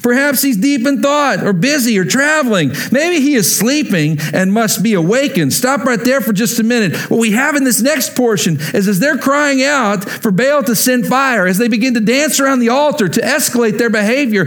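A man with a fairly high voice preaches in a church. He is animated and playful, acts out the scenes he describes and drops in humorous asides. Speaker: pastor. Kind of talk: sermon.

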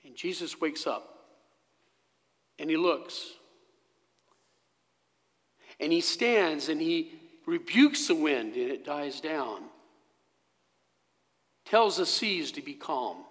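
Male pastor, slow dramatic sermon delivery, animated pitch, slightly high voice, reverberant church. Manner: slow, dramatic storytelling with sudden hushed drops. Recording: long echo of a church hall.

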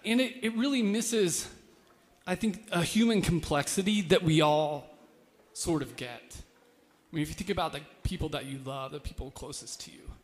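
A man's voice: fairly high pitch, moderate pace, in a large hall. A man preaching an informal, conversational sermon, with fillers and self-deprecating asides. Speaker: pastor.

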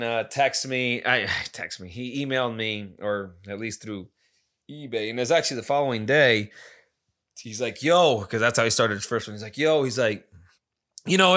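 A man's voice: fairly low pitch, bright, forceful tone. A man from Las Vegas telling a casual, rambling story, swearing freely and filling gaps with "you know.". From Las Vegas, USA. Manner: rambling, profane, many fillers.

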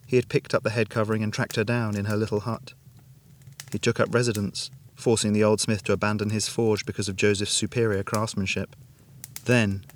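Man, lowish voice, steady storybook narration, measured reading. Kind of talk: scripted narration.

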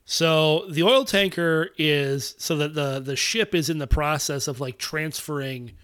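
A man's voice: a little high, unhurried, a bit bright, clear, resonant tone, no echo, studio quality. Man chiming in with movie details. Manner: chiming in with corrections and added detail. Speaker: podcast co-host. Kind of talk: casual movie chat.

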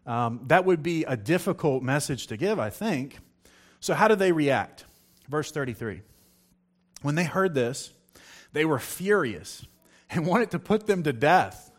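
A man gives a sermon in a slightly high, conversational voice, reading scripture and then acting out the scenes in his own words. He turns to the congregation with questions as he goes. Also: measured pace. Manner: lively, conversational, acts out quotes; reads scripture aloud. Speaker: preacher.

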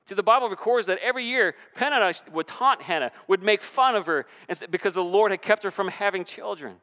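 A male pastor preaching to his congregation with lively, swelling emphasis. His voice sits a little high and sounds smooth and resonant. It carries a long reverb from the church hall around him. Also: quick pace. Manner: animated preaching with rising and falling emphasis. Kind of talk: sermon. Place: church sanctuary.

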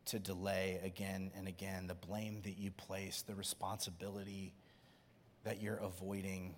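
Conversational pastor in an echoing hall. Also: male voice, low-pitched, flat delivery, moderate pace, slight background noise. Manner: conversational, swinging from hushed to loud. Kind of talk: sermon. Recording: long reverb in a large hall.

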